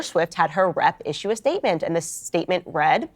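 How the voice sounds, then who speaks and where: A woman's voice: fairly low pitch, sing-song, brisk. A woman giving opinionated commentary in an assertive, lecturing way as she walks through a story. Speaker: political commentator.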